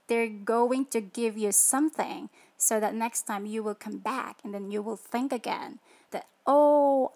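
A woman hosting a faith-based motivational show, chatting with listeners and asking them rhetorical questions. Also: on the high side. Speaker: show host.

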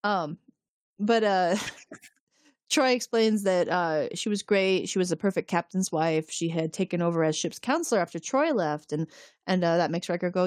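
A woman's voice: on the low side, moderate pace, dry recording, clean studio sound. A woman hosting a podcast, casually retelling an episode and acting out the characters' lines. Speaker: podcast host recapping an episode. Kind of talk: casual chat.

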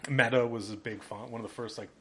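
A man's voice: medium pitch, steady tone, fast talker, slight background noise. A man co-hosting a podcast in casual chat, a laid-back storyteller who fills his talk with "like". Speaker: podcast co-host, graphic designer.

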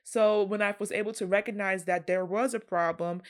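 A woman's voice: medium pitch, steady tone, normal speed. A woman in her twenties hosting a solo podcast, talking to her listeners in a chatty, earnest way. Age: 20s. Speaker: podcast host. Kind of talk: casual solo podcast talk.

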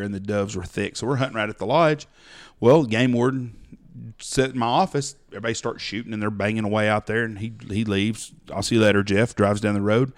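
A middle-aged man, a hunting outfitter telling blunt, folksy stories about clients on a podcast. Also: lowish voice. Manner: folksy, blunt storyteller acting out clients' lines. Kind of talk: casual storytelling chat.

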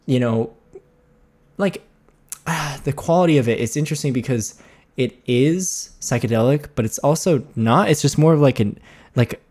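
A young man chatting casually on his own music podcast, recorded at home in his apartment. His voice sits at a middle pitch for a man. He rambles, laughs easily and fills his talk with constant "like"s. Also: moderate pace, a little mellow. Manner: rambling, laughing, lots of "like" fillers. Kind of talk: casual solo podcast chat.

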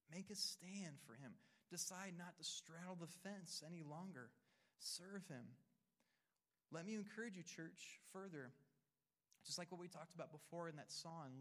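A man's voice: fairly high pitch, fairly bright tone. A male pastor preaching a sermon, reading scripture and speaking earnestly to the congregation, often repeating and restarting words.

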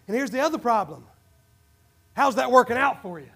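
A man preaching a sermon as pastor, swinging from quiet reasoning to shouted calls and acting out imagined excuses. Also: extremely high pitch, big pitch swings, brisk, gravelly. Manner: builds to shouted, preaching climaxes.

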